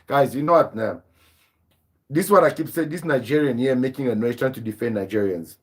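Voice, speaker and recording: A man's voice: mid-range voice, fairly quick, slightly rough. A man hosting a live stream, lecturing in a combative, repetitive rant. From southern Africa. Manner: combative, lecturing, repeats himself for emphasis.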